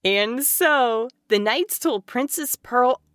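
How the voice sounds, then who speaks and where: A woman narrating a children's story podcast in a gentle storytelling manner. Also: on the high side, animated, slow, dry recording, studio quality. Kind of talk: scripted narration.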